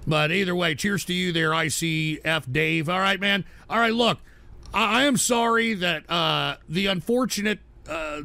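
A man hosts a live stream in a high, raspy-edged voice with a sharp, tense bite. He reads the chat and rants in a profane, irritable way, veering from low grumbles to loud outbursts. The sound is close and dry. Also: no echo. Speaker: livestream host.

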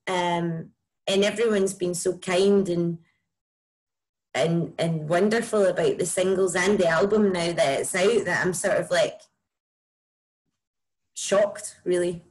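A woman with a broad Scottish accent, a musician chatting casually and warmly about her music in an interview, with lots of "like" and "um". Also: on the low side, fairly even intonation, slow, low-quality recording. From Scotland. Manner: chatty, enthusiastic, many likes and ums. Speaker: musician guest.

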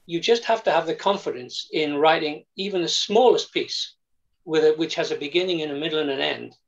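A man's voice: a little high, fairly quick, vocal fry. Man, muffled dull audio, video call, mock-indignant, earnest. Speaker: publisher on a panel. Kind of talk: panel discussion.

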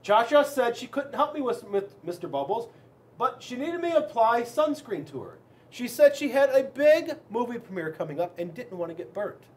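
A man, a school resource officer, reading a children's book aloud in an animated, expressive way. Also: very high-pitched, normal speed.

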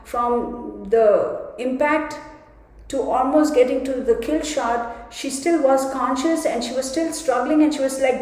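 A woman's voice: sits high, measured pace, a little mellow. Emphatic woman in an echoey room. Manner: rambling, emphatic, with many restarts. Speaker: tarot reader. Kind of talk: casual monologue to viewers. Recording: echoey room with long reverb.

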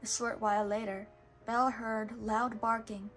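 A woman reading a children's storybook aloud in a steady, patient way, now and then correcting a word. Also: on the high side, normal speed, soft background music. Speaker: storybook reader.

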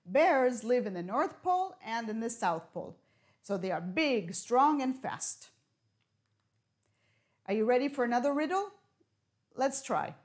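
Woman teaching English slowly. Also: on the high side, big pitch swings. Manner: slow, clear teacher talk with riddles and Hebrew glosses. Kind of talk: broadcast classroom lesson.

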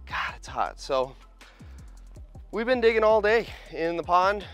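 A man's voice: high-pitched, expressive, measured pace, fairly bright tone, soft background music. A man operating heavy equipment, vlogging to a handheld camera on an outdoor job site, chatty and joking, tired after a long hot week. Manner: chatty, joking, self-deprecating. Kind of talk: casual vlog to camera.

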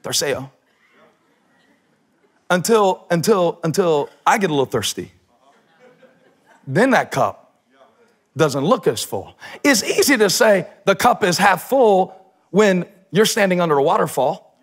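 Male pastor, high swooping voice, sermon delivery, bursts of shouted emphasis, playful asides. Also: expressive, unhurried, pauses often, breathy edge. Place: church stage.

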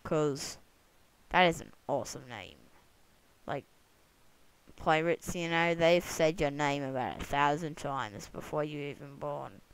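Slow, gravelly young gamer rambling. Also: mid-range voice, no room sound, poor audio. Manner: rambling and jokey, with sudden excited whoops. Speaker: gamer recording gameplay commentary. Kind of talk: casual let's-play commentary. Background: other people talking in the room.

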